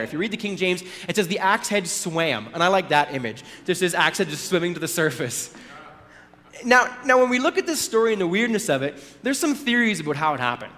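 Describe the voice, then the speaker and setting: A pastor's high, fairly bright voice rings through a hall with a long reverb as he delivers a chatty sermon. He narrates a story, adding casual side comments and small impressions of the people in it.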